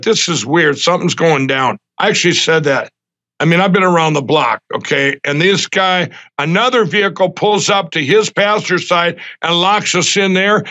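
A man's voice: high-pitched, bright, forceful tone. A middle-aged man telling a story in an interview, agitated and acting out the dialogue with many restarts. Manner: agitated, acts out quoted dialogue, frequent restarts. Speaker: guest recounting an event.

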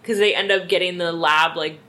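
A woman's voice: fairly low pitch, steady tone, a little fast, bright, forceful tone. A woman co-hosting a podcast in casual chat, laughing often and swearing casually. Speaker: podcast co-host.

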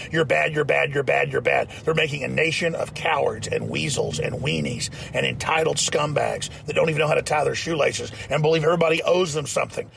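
A talk show host rants in a fiery, emphatic and mocking tone. His voice is very gravelly and pitched a little high. A faint hiss sits under it. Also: fairly bright tone. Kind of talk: ranting political commentary.

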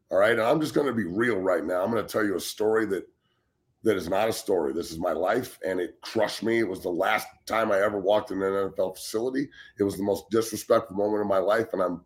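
A man's voice: on the low side, a little fast. A man in his forties, a former football player and show guest, ranting bluntly and with heavy swearing, often restarting his words. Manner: blunt, heated and heavily profane; repeats words when starting sentences. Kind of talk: casual sports talk show rant.

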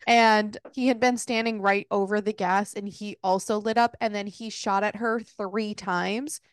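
A woman's voice: mid-range voice, steady tone, measured pace, smooth, dry recording, studio quality. Blunt woman podcast co-host. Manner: blunt and frank, swears casually. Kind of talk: casual book-recap chat.

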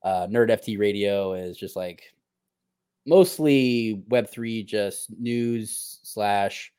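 Very low-voiced man, easygoing guest. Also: darkish tone, clear, resonant tone, no echo, clean studio sound. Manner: easygoing, halting, lots of likes and ums. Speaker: podcast guest and host of other shows. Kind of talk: casual podcast chat.

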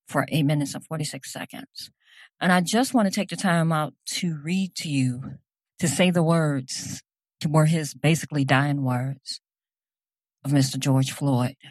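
A woman's voice: deep voice, a little slow, darkish tone, dry recording. A woman giving an impassioned personal address, speaking earnestly and emphatically and repeating phrases for stress.

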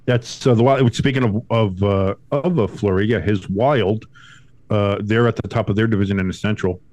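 Recorded dry, this casual sports podcast features a male co-host talking from home at a moderate pace. He's animated and swears freely, mocking others with high put-on voices.

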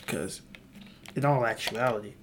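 Tired man rambling in a hushed voice. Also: on the low side, unhurried, background noise. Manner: hushed, half-whispered rambling with swearing and laughs. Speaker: podcast host. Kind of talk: solo late-night podcast monologue.

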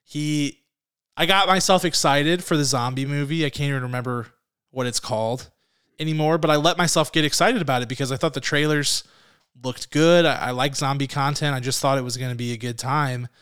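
A man's voice: mid-range voice, fairly quick, a bit bright, clean tone. A man co-hosting a casual film podcast, rambling, often laughing and searching for words. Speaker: podcast co-host.

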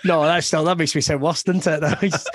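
A man's voice: fairly high pitch, steady tone, brisk, no room sound. Jokey Scottish man, swearing storyteller. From Scotland (Ayrshire). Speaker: stand-up comedian, guest. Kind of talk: casual podcast chat.

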